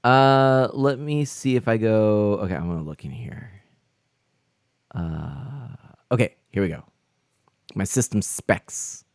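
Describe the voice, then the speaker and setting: A man's voice: lowish voice, slow, vocal fry, pauses often, dry recording, clean studio sound. A man live-streaming a game, chatting with viewers and exclaiming in flustered, laughing bursts.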